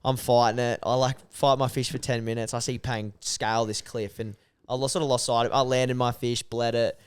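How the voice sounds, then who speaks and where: A man hosting a podcast, telling animated stories in casual chat and swearing freely. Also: mid-range voice, fairly quick, clean tone, no room sound. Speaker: podcast host. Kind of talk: casual storytelling.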